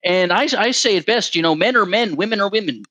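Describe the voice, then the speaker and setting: A man's voice: sits high, fast talker, pushed and bright, pitched above the performer's own voice. A man doing a stammering, lecturing impression of a stiff, earnest male lecturer.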